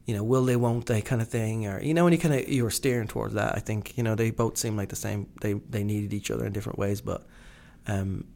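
A man's voice: on the low side, steady tone, quick pace, vocal fry, hardly any pauses, a little mellow. A man from Britain co-hosting a casual chat, rambling and enthusiastic, full of fillers and restarts. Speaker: podcast co-host.

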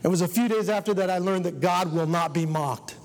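A man's voice: high voice, brisk. A man giving an earnest personal testimony to a church congregation, telling his story and urging the listeners. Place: church hall. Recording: long reverb of a church hall.

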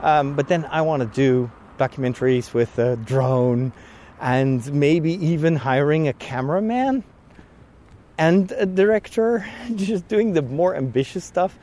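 A man's voice: a little high, animated, a little slow, warm tone, a little hiss or hum. A man talking casually on a walking vlog, rambling and chatty with frequent laughs, a little out of breath from walking outdoors. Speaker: vlogger. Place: outdoors on a walk.

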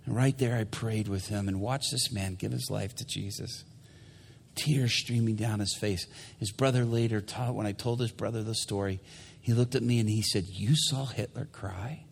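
Gravelly preacher telling a dramatic story. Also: male voice, fairly low pitch, steady tone, normal speed, big-room sound, a little hiss or hum. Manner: dramatic, swinging between loud bursts and hushed whispers. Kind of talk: sermon storytelling.

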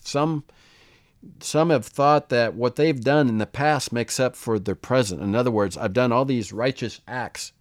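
A man teaching the Bible in a relaxed, conversational way, often checking in with "right?". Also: mid-range voice, no room sound, studio quality.

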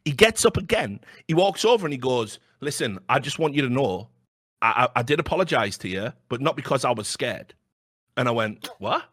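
A man's voice: mid-range voice, a little fast, no room sound, studio quality. A man telling a story in casual podcast chat, brash and profane, acting out what people said. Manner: brash, profane and animated, acts out quotes. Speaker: podcast co-host.

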